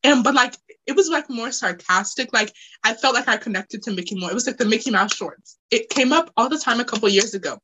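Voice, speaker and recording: A young adult woman co-hosting a podcast, chatting casually in an excitable, giggly way. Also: fairly high pitch, noisy background. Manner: excitable, giggly, quick to laugh. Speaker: podcast co-host. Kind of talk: casual chat.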